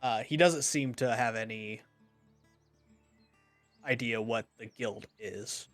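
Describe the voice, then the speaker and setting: Halting male game master narrating a scene. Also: mid-range voice, faint music behind. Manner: halting, many ums and restarts; refuses to do character voices.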